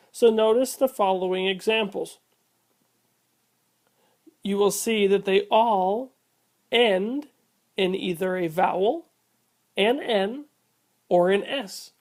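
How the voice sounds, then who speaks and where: A Spanish class instructor narrating a slide lesson, explaining each rule step by step and repeating the key terms. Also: mid-range voice.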